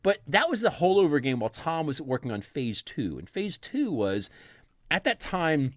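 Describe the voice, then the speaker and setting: A man's voice: fairly high pitch, sing-song, moderate pace, no room sound, clean studio sound. A man casually telling a childhood story, laughing often and acting out the voices in quotes.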